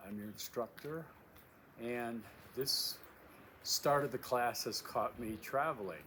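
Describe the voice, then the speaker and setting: A man's voice: medium pitch, slow pace, bright, forceful tone. A man, a course instructor, introducing his class in a casual recorded video from a windy outdoor overlook. He talks emphatically, repeats his key phrases and uses many fillers. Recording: wind noise outdoors. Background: wind.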